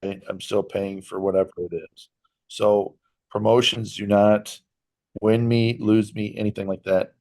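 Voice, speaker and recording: A man co-hosting a casual sports podcast, talking in a measured, earnest way and stressing his points with care. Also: fairly low pitch, level tone, vocal fry, a little mellow. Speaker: podcast co-host.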